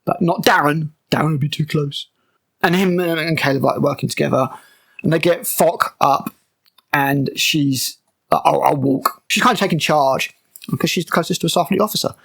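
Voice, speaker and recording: A man's voice: fairly high pitch, normal speed, vocal fry, fairly bright tone, slightly rough. A man giving a sarcastic, exasperated breakdown of a TV episode, mocking it as he goes. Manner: exasperated, mocking, with frequent fillers and restarts. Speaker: TV show reviewer.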